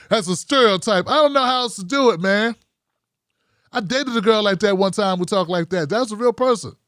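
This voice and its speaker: A man hosting a live call-in show, talking in an animated, profane, joking way. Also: high-pitched, normal speed, no room sound, clean studio sound. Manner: animated, profane, jokey impressions. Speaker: host taking calls.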